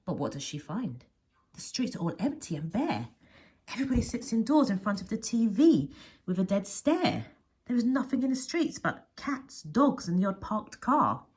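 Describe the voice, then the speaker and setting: A woman's voice: mid-range voice, sing-song, moderate pace, a little mellow, slightly rough. A woman teacher reading a picture book aloud with expression, often dropping to a whisper. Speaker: primary school teacher.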